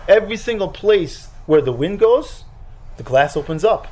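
A man, a rabbi, giving a Torah lesson and telling a lively personal story, acting out the dialogue himself. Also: sits high, slow pace. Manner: animated storyteller, acts out his own dialogue.

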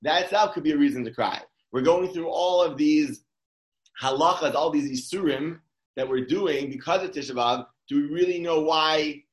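A man's voice: fairly high pitch, normal speed. Man giving a Torah talk in an echoey room. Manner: conversational, with frequent restarts. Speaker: Torah speaker.

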